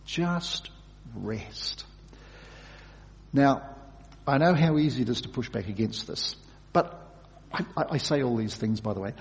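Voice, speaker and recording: A male pastor delivers a sermon with a lively, animated pitch that rises for emphasis and drops almost to a hush. His voice rings out with a long reverb from a large hall. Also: moderate pace, dull audio. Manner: expressive, shifts from loud emphasis to hushed.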